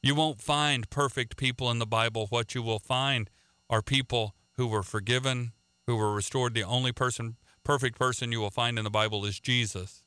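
A man's voice: medium pitch, fairly even intonation, moderate pace, sharp tone, clean tone, no room sound. A man preaching a radio sermon in an earnest way, often repeating words and restarting sentences.

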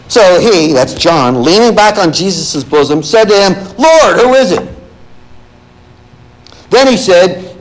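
A man's voice: high voice, rough recording. A male pastor preaching a sermon in church, firing rhetorical questions at his congregation and reading scripture aloud.

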